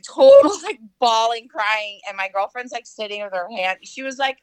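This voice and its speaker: A middle-aged woman telling a personal story in casual chat, full of fillers and lively quoted voices. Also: medium pitch, normal speed, clean tone, dry recording, rough recording. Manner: chatty, filler-heavy, animated quoting.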